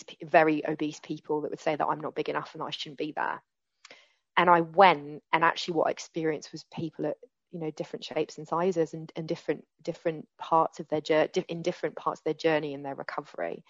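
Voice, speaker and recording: Low-voiced woman sharing her story. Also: flat delivery, fairly quick, dry recording, highs cut off. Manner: candid, earnest, with frequent restarts. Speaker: recovery speaker. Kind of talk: personal testimony.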